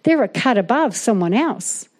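A woman's voice: fairly high pitch, moderate pace. A woman preaching a sermon, often calling out "amen?" to the congregation. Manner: animated, calls out "amen?" to the congregation. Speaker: guest preacher.

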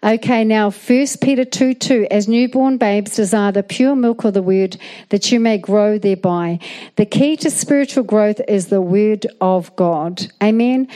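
A guest preacher, a woman with a mid-range voice, speaks a little slowly as she delivers a sermon. She's animated and frequently calls out "amen?" to the congregation.

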